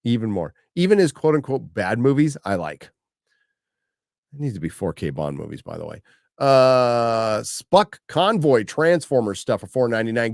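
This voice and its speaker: A middle-aged man hosting a livestream, working through viewer questions with blunt, profane, no-nonsense answers. He tends to say a phrase and then repeat it for emphasis. His voice sits at an ordinary pitch and is close and dry on the mic. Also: very animated, moderate pace, vocal fry, dry recording. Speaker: host reading viewer questions. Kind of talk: casual profane livestream chat.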